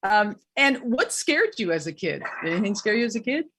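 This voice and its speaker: A woman's voice: medium pitch, big pitch swings, brisk, fairly bright tone, slight background noise. A woman hosting a virtual storytelling show in a joking witch persona, rambling and hammy over a video call. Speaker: emcee in witch character.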